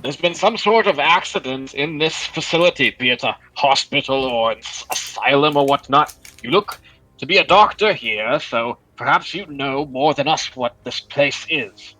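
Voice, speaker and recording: Bright-voiced man role-playing a character. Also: medium pitch, normal speed, soft background music, rough recording. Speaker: player. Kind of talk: in-character tabletop role-play.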